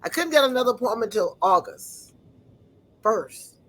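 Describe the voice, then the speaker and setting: A woman giving an earnest personal testimony, often pausing to search for words. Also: fairly high pitch, animated, a bit bright, poor audio.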